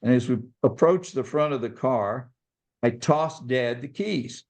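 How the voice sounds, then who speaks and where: A man's voice: mid-range voice, a little slow, gravelly. Man telling a story. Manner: animated storyteller, acts out voices. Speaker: podcast guest, author.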